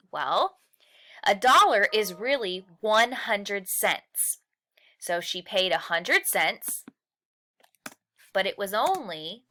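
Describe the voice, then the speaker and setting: A woman teacher with a bright, clear voice and lively pitch that swings up and down as she talks. She explains patiently, step by step, drawing words out slowly for emphasis and asking young learners questions along the way. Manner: stretches and slows key words for emphasis. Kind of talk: recorded lesson walkthrough.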